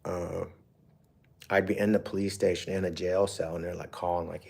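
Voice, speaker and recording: A middle-aged man with a very low, gravelly voice tells a long personal story on his livestream. He rambles and swears with feeling, and his talk is full of fillers and restarts. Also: flat delivery, moderate pace, darkish tone. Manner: profane, emotional, with frequent fillers. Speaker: livestream host.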